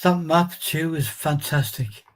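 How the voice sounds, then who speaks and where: A man's voice: on the high side, a little slow. A man, a guest on the show, chatting with enthusiasm and sharing childhood anecdotes. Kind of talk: casual chat.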